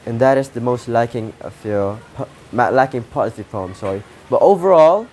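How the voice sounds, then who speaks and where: A man with an Indonesian accent judging a poetry contest, giving feedback to each contestant in short, halting phrases full of restarts. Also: medium pitch, animated, a little mellow, slight background noise.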